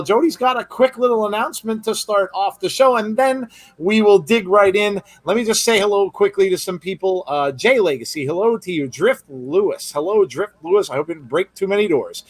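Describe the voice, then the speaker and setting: A man's voice: high-pitched, no room sound. A man hosting a live podcast, chatting casually and rambling through greetings to viewers. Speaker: podcast host. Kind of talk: casual live-stream chat.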